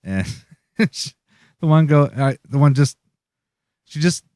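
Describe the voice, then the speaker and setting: A man's voice: a little high, animated, takes it slowly, dark tone, dry recording, studio quality. A man, co-host of a casual podcast, telling a loose, profane story with frequent laughs. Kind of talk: casual chat.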